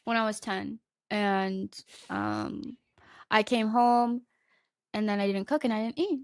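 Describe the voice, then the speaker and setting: A woman guesting on a podcast, telling family stories with dry humor and often speaking softly. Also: medium pitch, lively intonation, slow, no echo. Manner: storytelling, dry humor, often soft-spoken. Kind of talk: casual chat.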